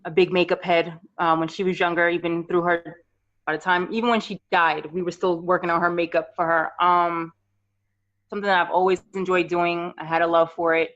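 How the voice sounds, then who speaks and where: A woman in her thirties from New York, a podcast guest telling her career story in lively casual chat. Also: lowish voice, a little fast. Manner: animated storyteller, acts out quoted voices. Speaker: podcast guest, makeup artist. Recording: slightly dull lo-fi audio.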